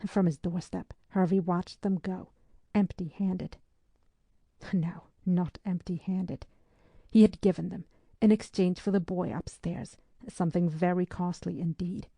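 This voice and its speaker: Low-voiced woman reading an audiobook. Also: creaky, warm tone, no echo. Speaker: audiobook narrator. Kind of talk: scripted audiobook narration.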